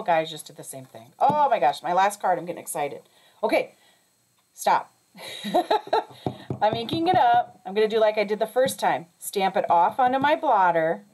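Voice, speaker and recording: A woman with a lowish, darkish voice teaches a craft lesson step by step in a chatty way. She often checks in by asking "okay?" and corrects herself as she goes.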